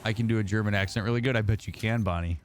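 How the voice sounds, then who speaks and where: Low-voiced guy from indiana, therapist streamer just chatting away to chat while he plays, bit of faint noise behind him. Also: racing. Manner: chatty, answers chat messages as they come. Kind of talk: casual livestream chat while gaming.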